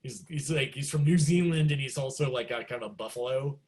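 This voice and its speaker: In a relaxed interview, a middle-aged man who is a guest musician spins anecdotes, voicing the quotes with sharp jumps in pitch. He talks a little fast, with a darkish tone.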